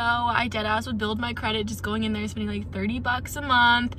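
Young woman, bright tone, expressive casual vlogger, light hiss. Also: a little high, brisk, few pauses, rough recording. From Georgia, US. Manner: gushing and expressive, swings from excited to mock-dramatic. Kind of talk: casual vlog chat. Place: shopping outlet outdoors, then at home.

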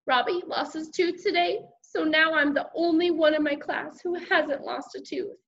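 A woman voicing an upset first-grade boy who whines and shouts back at his sister. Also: high voice, moderate pace, vocal fry, highs cut off, voice pushed up. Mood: whiny upset. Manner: whiny and shouting.

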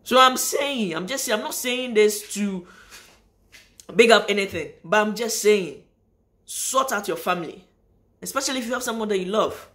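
A woman's voice: mid-range voice, animated, normal speed, a bit bright. A woman, talking straight to her viewers in a casual vlog monologue. She is emphatic and says key lines twice, and her sentences ramble and restart. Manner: emphatic, repeats phrases for stress. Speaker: vlogger. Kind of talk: casual spoken monologue to camera.

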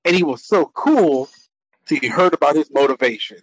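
Lively, animated man ranting with a laugh. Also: on the high side, normal speed, no echo, rough recording. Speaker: podcast panelist. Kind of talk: casual group debate.

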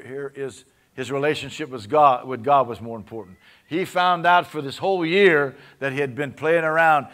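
A man's voice: a little high, fairly bright tone. A man with a Cajun accent preaching a sermon in a conversational way, often asking his congregation for an amen. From Louisiana. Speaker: pastor.

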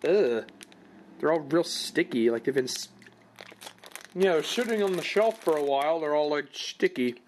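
A man's voice: fairly high pitch, animated, normal speed, long pauses. A man giving casual, rambling commentary as he tries out cheap gadgets and snacks at home, dry and self-mocking, picked up on a camera microphone. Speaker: product review vlogger. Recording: noisy camera-mic recording.

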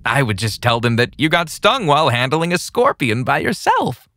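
A man voicing a creepy young man who keeps scorpions and gloats as he tortures his captive, with slow, sing-song talk over light music. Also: mid-range voice, very animated, pushed and bright, no echo, clean studio sound, voice pushed up. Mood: gloating. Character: creepy young man, scorpion-obsessed captor, gleefully sadistic.

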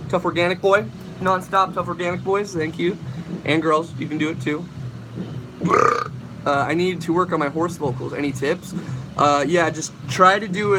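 A man's voice: on the high side, steady tone, normal speed, very noisy. A young man casually hosting a livestream, rambling as he answers chat questions about vocals. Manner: casual, rambling, demonstrates screams.

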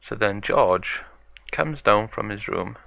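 A man narrating an improvised toy-play story in slow, simple words. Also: lowish voice, lively intonation, vocal fry, no room sound. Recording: dull lo-fi home recording.

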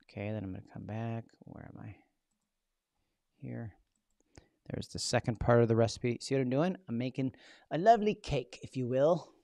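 A man's voice: mid-range voice, vocal fry, a little mellow, dry recording, studio quality. A man hosting a live-streamed tutorial, talking in a casual, chatty way with jokey asides to viewers. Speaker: host teaching a live session.

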